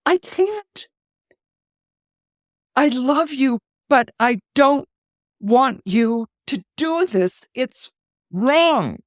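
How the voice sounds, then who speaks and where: Man doing a high, tense, pleading woman; sister refusing brother. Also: animated, extremely slow, pauses often, dry recording, studio quality, heavily acted. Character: anxious adult woman refusing her brother.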